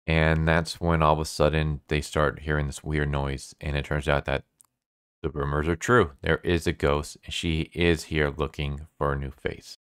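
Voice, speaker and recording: Man with a very low, smooth voice, recorded dry and close, casually recapping a manga plot. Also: no echo. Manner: laid-back, chatty, full of "like" and "basically". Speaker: manga reviewer.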